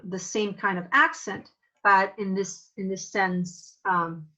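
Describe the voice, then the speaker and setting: Slow-speaking, bright-voiced woman teacher. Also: mid-range voice, fairly even intonation, highs cut off. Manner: thoughtful, many filler pauses. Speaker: drama teacher. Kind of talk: casual acting lesson.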